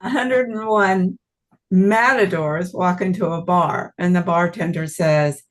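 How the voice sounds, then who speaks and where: A woman's voice: fairly low pitch, a little slow. A woman telling improvised bar jokes on a video call in a plain, matter-of-fact way. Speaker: improv player.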